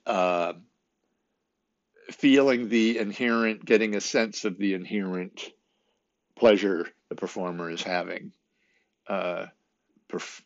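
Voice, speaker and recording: Low gravelly man rambling with dry wit. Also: no echo. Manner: rambling and hesitant, many fillers and restarts; wry, self-deprecating. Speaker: actor vlogging about auditions. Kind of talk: casual solo talk to camera. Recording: dull lo-fi sound.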